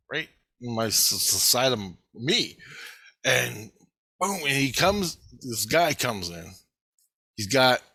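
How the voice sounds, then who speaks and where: A man's voice: medium pitch, bright, forceful tone, no room sound. A man casually telling a personal story, rambling and swearing as he goes. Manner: rambling, profane, repeating phrases.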